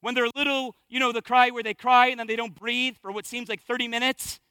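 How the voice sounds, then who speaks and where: A man in his thirties delivers a sermon in church with an unusually high, ringing voice. He is emphatic and drives points home by repeating phrases. The sound is close and dry. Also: little pitch movement, brisk, bright, forceful tone, smooth, no echo. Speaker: pastor.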